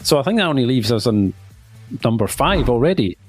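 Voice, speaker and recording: A man's voice: medium pitch, very animated, a little fast, husky, dry recording, faint music behind. A man hosting a podcast, talking things through casually with lots of fillers. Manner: conversational, thinks aloud with many fillers. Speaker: podcast host.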